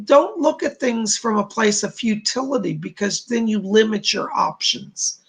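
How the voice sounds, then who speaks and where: A man's voice: extremely high pitch, expressive, a little slow, gravelly, a bit bright, slightly rough. A man hosting a livestream, giving psychic readings to viewers, reassuring and chatty with many fillers. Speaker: psychic medium host.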